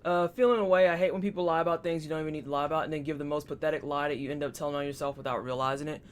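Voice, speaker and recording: A man streams a game, reacting aloud and chatting casually with his viewers as casual gameplay commentary. His voice is a little high, steady, and rapid-fire, with clear background noise in the recording.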